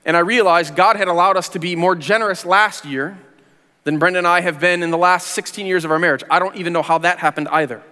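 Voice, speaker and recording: A man's voice: high-pitched, fast talker, pushed and bright. Earnest man preaching in an echoing hall. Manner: earnest, conversational storytelling with casual slang. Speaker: pastor. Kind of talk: personal testimony sermon. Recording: long reverb of a large hall.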